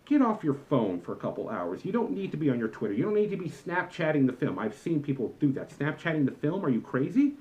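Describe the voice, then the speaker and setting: A man's voice: on the high side, very animated, fast, hardly any pauses, a little mellow, lo-fi sound, a little hiss or hum. A young man in a comedic vlog rant about customers, talking in an exasperated, lecturing and emphatic way. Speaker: vlogger, former movie theater employee.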